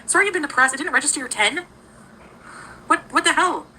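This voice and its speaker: A chatty woman on a livestream with a high, bright, bouncy voice. She greets viewers by name and giggles often. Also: lively intonation, fairly quick, slight background noise, poor audio. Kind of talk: casual livestream chat.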